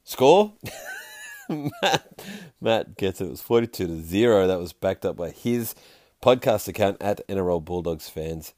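A man hosting a podcast in a casual, jokey way, reading listener tweets aloud with quick asides. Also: deep voice, warm tone, no echo. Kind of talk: casual chat.

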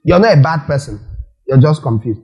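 A man's voice: on the high side, expressive, fairly quick, mellow, low-quality recording. A man preaching a sermon as a pastor, asking the congregation questions and acting out quotes.

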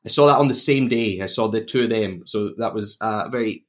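A man with a Glaswegian Scottish accent, co-hosting a film podcast in casual chat, talking in an animated, self-interrupting way and laughing often. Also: lowish voice, fairly quick. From Glasgow, Scotland. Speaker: podcast co-host discussing films.

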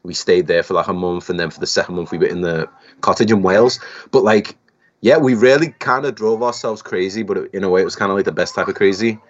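Low-voiced Liverpool man on a lo-fi line. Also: quick pace. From Liverpool, England. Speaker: guest musician. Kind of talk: casual podcast chat.

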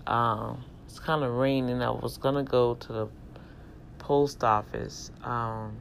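Man vlogger, gravelly voice, preachy and emphatic, addressing viewers, slight background hiss. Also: medium pitch, steady tone, slow. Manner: emphatic, sermon-like exhortation; talks directly to viewers, folksy. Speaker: vlogger and self-publisher. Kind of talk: casual preachy rant to camera.

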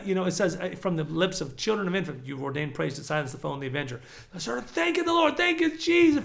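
Animated, raspy-voiced high male preacher. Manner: animated, swings from shouts to low murmurs. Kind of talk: sermon.

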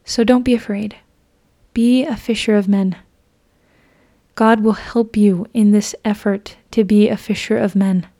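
A young woman hosts a podcast, telling a personal faith story earnestly and chattily, with frequent fillers and restarts. Her mid-range voice is steady, dark in tone, and a little slow.

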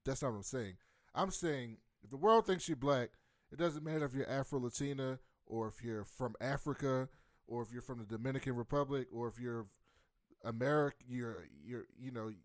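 A man's voice: medium pitch, brisk, no room sound, clean studio sound. A man making his point emphatically in a casual podcast chat. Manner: emphatic, animated argumentative.

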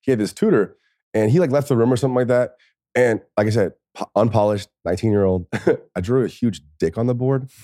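A man's voice: medium pitch, dark tone, dry recording, studio quality. A man in his thirties, a former football player, telling casual stories as a podcast guest, laughing often and swearing freely. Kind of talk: casual storytelling.

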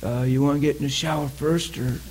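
A man's voice: a little high, fairly even intonation, brisk, darkish tone, husky, poor audio. A man preaching who briefly voices his sleepy friend, surprised at being woken up. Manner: surprised, drowsy.

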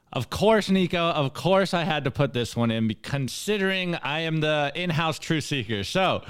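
A young man with a smooth, resonant voice talks through memes in a loose, casual way. He laughs often and trips over his words, with an easygoing co-host delivery. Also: mid-range voice. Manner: chatty, laughs often, restarts. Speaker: podcast co-host. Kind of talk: casual meme review chat.

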